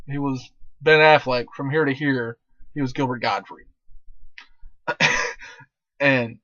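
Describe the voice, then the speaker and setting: A man's voice: medium pitch, fairly bright tone, no room sound. Young man swearing through a story, lo-fi. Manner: laughing, heavy swearing, rambling restarts. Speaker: vlogger telling stories. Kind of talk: casual profane storytelling. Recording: dull lo-fi dry recording.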